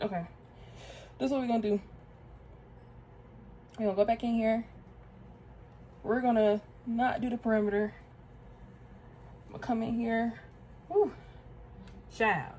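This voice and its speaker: A woman's voice: mid-range voice, a little mellow, a little hiss or hum, rough recording. Young woman vlogging while she does her hair, rambly self-talk, y'all and girl every other line, medium voice. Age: 20s. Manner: chatty, talks to herself while doing her hair, calls viewers y'all and girl. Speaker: beauty vlogger. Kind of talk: casual get-ready-with-me chat.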